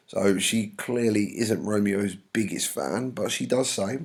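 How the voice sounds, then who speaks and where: A man teaching a lesson and putting old lines into everyday words. His voice is low and gravelly. He talks in a loose, chatty way with slangy asides. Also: a little slow, few pauses, a little mellow. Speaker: English teacher. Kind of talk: recorded lesson explaining a play.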